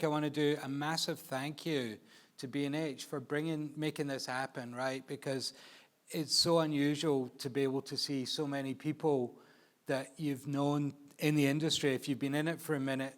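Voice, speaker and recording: A man's voice: a little high, fairly even intonation, normal speed. A man with a New York accent speaking on an expo stage, telling stories and acting out the voices in them. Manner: storytelling, acts out voices in anecdotes. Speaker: photographer presenting a live shoot. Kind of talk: live stage presentation. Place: expo stage before an audience.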